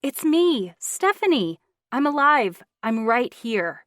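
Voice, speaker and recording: A woman's voice: a little high, sing-song, slow, fairly bright tone, no echo, studio quality, pitched above the performer's own voice, full character voice. A woman voicing an anxious young woman who reassures urgently, then turns indignant. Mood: reassuring.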